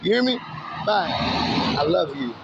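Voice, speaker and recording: A man's voice: sits high, sing-song, unhurried. A man filming outdoors by a road at night, taunting passing drivers in a mocking, swearing street monologue with frequent laughs. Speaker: vlogger filming passing cars. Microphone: handheld camera or phone. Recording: dull lo-fi phone audio with faint street noise.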